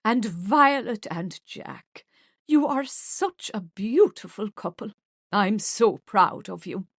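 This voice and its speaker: This is a proud, gracious elderly grandmother playing hostess, voiced by a woman reading an audiobook. She speaks warmly and effusively, at an ordinary middle pitch. The recording is dry and close, with no room sound. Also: slow pace, husky, no room sound. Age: older. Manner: warm, effusive hostess speech.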